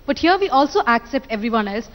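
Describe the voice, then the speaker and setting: Quick, earnest female panelist from Kerala, recorded in a reverberant hall. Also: fairly high pitch, big pitch swings, a bit bright.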